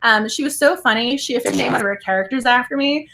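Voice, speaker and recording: Giggly high-voiced woman rambling on her book vlog, super excitable. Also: fast, slight background noise. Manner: giggly and excitable, laughs often; rambling, self-correcting storytelling. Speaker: book vlogger. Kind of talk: casual chat.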